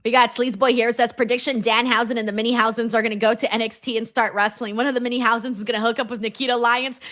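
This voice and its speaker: A young woman hosts a casual wrestling watch-along and talks through viewer messages. Her voice is bright and sits a little high. She gets animated and breaks into loud exclamations. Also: fast talker, dry recording, studio quality. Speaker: wrestling stream host. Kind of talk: casual live-stream chat reading super chats.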